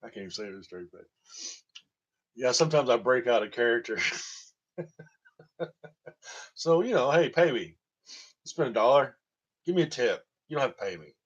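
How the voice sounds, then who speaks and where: In a dull lo-fi recording, a vlogger from Tennessee rambles through funny stories and laughs at his own humor. His mid-range voice is husky and expressive, at a normal speed with frequent pauses.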